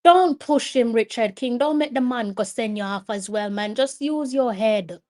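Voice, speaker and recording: A woman's voice: on the high side, normal speed, a little mellow. Emotional Jamaican woman reacting to a match. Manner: emotional, pleading, mixes Patois with English. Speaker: watch-along host. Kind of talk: live match reaction commentary.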